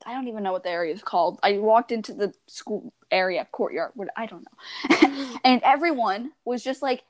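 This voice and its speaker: A teenage girl chatting casually, telling animated stories, acting out voices and giggling often. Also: a little high, normal speed, no echo. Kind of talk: casual chat.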